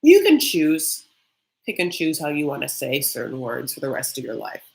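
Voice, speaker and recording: A young woman hosting a reality-TV recap vlog, ranting bluntly and profanely, with quick mocking impressions of the people she describes. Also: a bass voice, creaky. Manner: mocking, with quick acted-out quotes. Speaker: recap vlogger.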